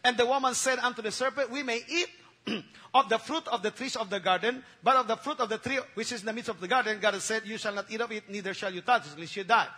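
A man's voice: high voice, fast talker, sharp tone. A man preaching a sermon, repeating key phrases and calling on the congregation to respond. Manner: emphatic call-and-response preaching with repetition. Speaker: pastor.

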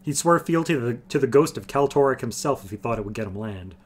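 A man's voice: mid-range voice, expressive, fast talker, lightly acted. A man voicing a scornful, hot-tempered young male noble in a fantasy audiobook reading. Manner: scornful, raging.

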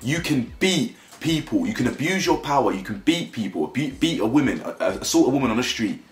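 Male commentator, animated and rambling, roomy room with music under. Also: medium pitch, brisk. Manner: animated, rambling, repeats himself. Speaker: commentary YouTuber. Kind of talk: casual opinion commentary.

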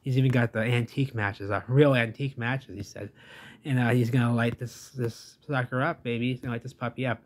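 A man giving excitable, casual commentary over a video, repeating phrases, asking rhetorical questions and swearing freely. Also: mid-range voice, brisk.

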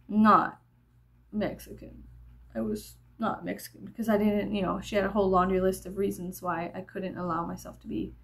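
A woman vlogger telling a meandering story while getting ready, full of fillers and drifting into soft whispers. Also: mid-range voice, creaky. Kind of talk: rambling get-ready-with-me storytelling.

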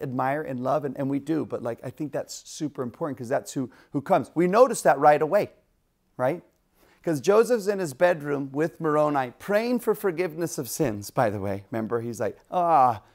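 A man's voice: mid-range voice, gravelly, darkish tone. A man teaching a religious lesson in a casual, enthusiastic way, retelling stories with laughter. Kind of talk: animated lesson storytelling.

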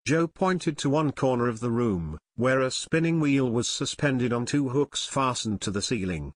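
A man narrating an audiobook in a steady, even storytelling manner. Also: mid-range voice, moderate pace, dry recording. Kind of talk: scripted narration.

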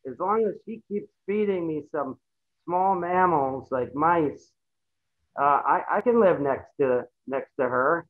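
A man's voice: a little high, animated, measured pace. A man voicing an easygoing male forest predator in an educational role-play, with a folksy, joking manner. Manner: jokey folksy voice with tag "eh". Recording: tinny phone-like line.

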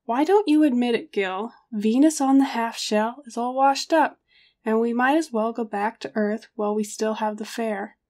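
A woman's voice: a little high, moderate pace, darkish tone, close to an everyday voice. A woman voicing a gloomy, worried male business partner in a story reading, glum and complaining. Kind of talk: audiobook character reading.

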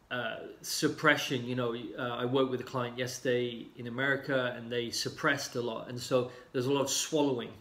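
Man, mid pitch, easygoing coach explaining in a roomy space; filler-heavy, mimics the people he describes. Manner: relaxed, explanatory, many fillers, acts out clients' lines. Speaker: healing coach. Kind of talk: casual talk to camera. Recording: roomy echo.

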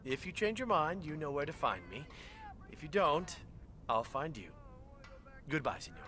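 An actor playing a smug, corrupt politician who speaks in a smooth, oily, condescending way and makes open threats. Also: male voice, a little high, big pitch swings, normal speed, bright, forceful tone, slight background noise. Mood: threatening. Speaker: villain politician. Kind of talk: game voice acting.

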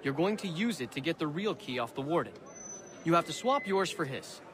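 A man voicing a sly, sardonic imprisoned forger from a video game, lecturing with dry scorn and a slightly raised pitch. A prison crowd murmurs loudly behind the game audio. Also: expressive, brisk, lightly acted. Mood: scheming. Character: scheming middle-aged imprisoned male colonial forger. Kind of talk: video game cutscene acting.

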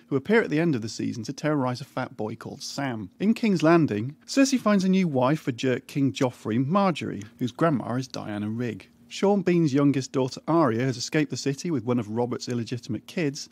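A man narrates a scripted comic recap. His delivery is dry and deadpan, dropping irreverent asides without pausing. His pitch sits in a plain middle range for a man. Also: dry recording.

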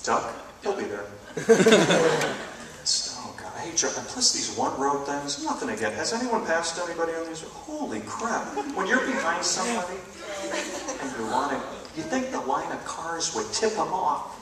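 A man doing a stand-up comedy routine in a college auditorium, animated and jumping between bits with mock outrage, with the audience laughing behind him. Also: on the high side, moderate pace, over a noisy crowd. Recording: echoey hall taped from far off, audience laughter.

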